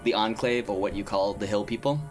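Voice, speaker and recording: A man speaks as a player in a tabletop game, measured and diplomatic. His voice sits low, with faint music behind him. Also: steady tone. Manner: deliberate, diplomatic. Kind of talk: in-character tabletop play.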